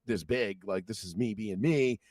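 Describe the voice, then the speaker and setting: A man's voice: on the low side, moderate pace, no room sound. Male podcast host, casual profane storyteller, dry and slightly distant sound. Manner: animated, profane, acts out quotes in raised voices.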